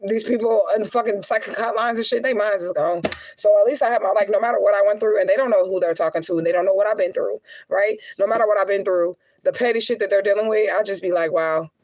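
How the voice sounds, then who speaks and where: Woman, gravelly voice, blunt, profane, chatty, laughs often, dry close sound. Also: medium pitch, steady tone, fast, a little mellow, no room sound. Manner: laughs often between heavy remarks. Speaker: spiritual adviser and vlogger. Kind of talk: casual monologue to viewers.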